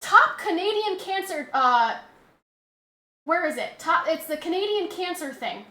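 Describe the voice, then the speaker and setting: High, lively streamer woman ranting hotly. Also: unhurried. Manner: heated, profane ranting. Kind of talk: casual chat on a live stream.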